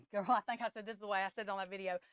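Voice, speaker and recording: A woman's voice: medium pitch, steady tone, fast talker, fairly bright tone, clear, resonant tone, dry recording, studio quality. A woman who hosts a tarot live stream, talking in a casual, emotional and blunt way that rambles.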